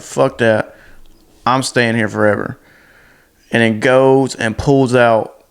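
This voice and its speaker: A man retelling a movie in a casual, unpolished ramble. He is blunt and crude, and he stops often for fillers and restarts. His voice sits at an ordinary middle pitch. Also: gravelly.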